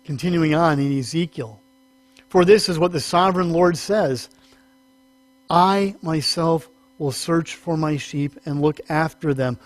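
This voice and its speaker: Preaching at a measured pace, a male pastor delivers a teaching sermon in a conversational style. He corrects himself now and then and raises his pitch for emphasis, with no echo on the recording.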